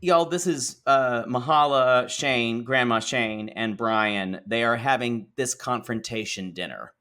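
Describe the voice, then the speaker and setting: A man co-hosting a casual recap podcast, talking in an animated, exclaiming way and calling listeners y'all. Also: mid-range voice, measured pace. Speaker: podcast co-host. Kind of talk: casual reality TV recap chat.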